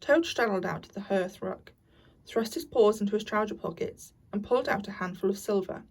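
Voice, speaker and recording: A woman narrating a classic children's story aloud, in a lively, expressive reading style. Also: medium pitch, fairly quick, distant mic, rough recording.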